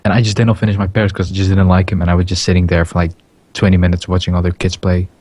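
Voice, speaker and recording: A young man from Britain hosts a casual podcast, talking over a headset on a voice call. His voice sits on the low side. He rambles through his stories, stops and restarts, and drops his sentences half-finished. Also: flat delivery, very fast, a little mellow, no echo. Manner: rambling, laughing, trailing off mid-sentence. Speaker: podcast host.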